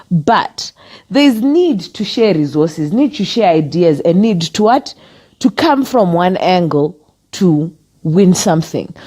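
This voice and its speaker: Zimbabwean woman on a chat show, mellow tone, corrects her co-host a lot. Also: on the low side. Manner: teasing, quick to correct and explain. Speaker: podcast co-host. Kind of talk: casual chat.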